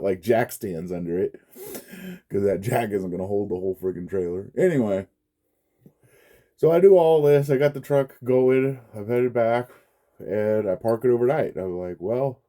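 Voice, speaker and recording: Profane, dark-voiced man ranting. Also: mid-range voice. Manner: profane, frustrated, laughs often. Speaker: vlogger. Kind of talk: casual storytelling rant.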